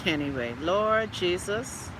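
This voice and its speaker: A Bahamian woman hosting a live stream, reading viewers' comments and ranting loudly and profanely. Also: on the low side, expressive, slow, background noise. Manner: loud, profane, exclaiming ranting. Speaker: livestream host.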